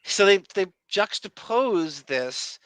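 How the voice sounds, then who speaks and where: A man's voice: sits high, expressive, takes it slowly, fairly bright tone, clear, resonant tone, no echo. A man co-hosting a podcast, talking in a blunt, rambling, profane casual way. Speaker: podcast co-host.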